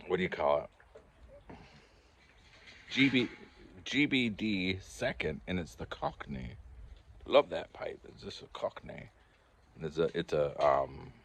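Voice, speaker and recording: Laid-back deep-voiced man rambling to camera. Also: gravelly, a little hiss or hum. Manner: rambling and easygoing, with chuckles and self-corrections. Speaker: pipe-smoking vlogger. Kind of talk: casual fireside chat to camera. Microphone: handheld camera.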